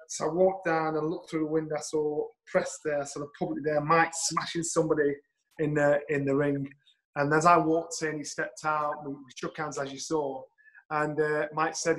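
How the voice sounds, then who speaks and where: A middle-aged man, telling a story in an animated way, swearing and acting out the lines he quotes. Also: on the high side, rough recording. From England. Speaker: guest storyteller. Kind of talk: anecdotal storytelling.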